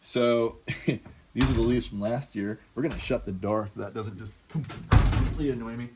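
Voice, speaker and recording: A man's voice: medium pitch, moderate pace, very noisy. A man giving a casual walk-through of his balcony plants, chatty and self-deprecating, thinking aloud with fillers. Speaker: plant grower showing his balcony mango trees. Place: outdoors on a balcony.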